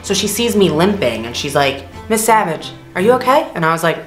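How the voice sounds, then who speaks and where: A young woman co-hosting a vlog, telling a story in a casual, animated way, acting out quoted voices with big jumps in pitch and laughing often. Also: fairly quick. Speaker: vlog co-host. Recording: echoey room with faint music.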